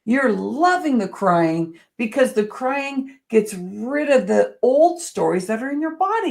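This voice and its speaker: Speaking as a coach, this woman gives a heartfelt motivational address in a creaky, mid-range voice. She alternates gentle, unhurried passages with energetic, forceful bursts.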